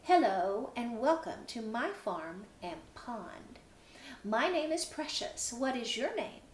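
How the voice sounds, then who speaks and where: Precious, a calm wise cat , read by a woman. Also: a little high, takes it slowly, a little hiss or hum. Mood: calm welcoming. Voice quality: clear, calm. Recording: roomy echo.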